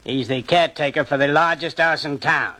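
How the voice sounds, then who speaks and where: An actor playing a terse, matter-of-fact pickpocket in 1940s radio acting. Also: male voice, fairly high pitch, a little fast, bright, forceful tone, poor audio. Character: cool, terse male pickpocket.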